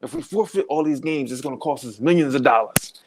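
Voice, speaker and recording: A man's voice: mid-range voice, a little fast, breathy edge. Male podcast host, fired-up profane comedic rant. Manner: profane, heated, animated.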